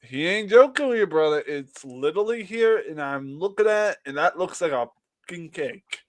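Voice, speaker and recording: Lively young man, dry close sound. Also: on the high side, moderate pace, no echo. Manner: animated, laughs, swears casually. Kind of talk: casual chat.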